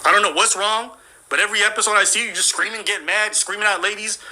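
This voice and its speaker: A man's voice: sits high, fairly even intonation, fast talker, pushed and bright, poor audio. A man delivering a profane, mocking comedic rant as a commentator.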